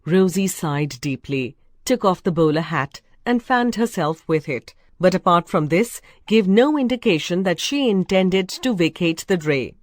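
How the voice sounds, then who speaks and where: Low-voiced woman reading a storybook. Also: expressive, a little slow, few pauses, dry recording, clean studio sound. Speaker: reader. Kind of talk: storybook narration.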